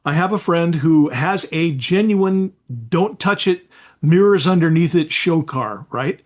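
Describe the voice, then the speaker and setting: Casual podcast host, man, slightly higher voice, conversational storyteller. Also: a little slow. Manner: chatty, warm affirmations, storytelling asides. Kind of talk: casual interview chat.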